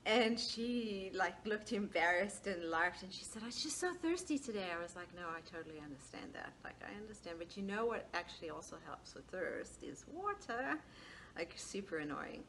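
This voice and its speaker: A woman speaking at an everyday middle pitch tells a story about her week. Her talk is loose and chatty, with lots of laughter and acted-out quotes. A faint hiss of noise sits behind her. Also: fairly bright tone. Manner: chatty, laughs often, acts out quoted dialogue. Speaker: life coach. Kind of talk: casual storytelling monologue.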